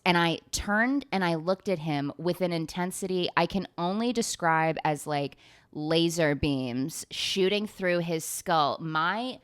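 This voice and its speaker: A woman's voice: on the low side, expressive, normal speed. A young woman hosting her own show, rambling sarcastically through a TV recap, swearing freely and laughing often. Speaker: podcast host. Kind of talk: casual comedic recap.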